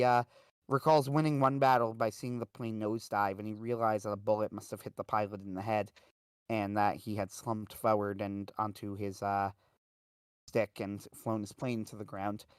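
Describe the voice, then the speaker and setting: Chatty man with a smooth voice. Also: on the low side, no room sound, studio quality. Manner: rambling, full of "uh" and "like". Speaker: livestream host. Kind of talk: casual storytelling monologue.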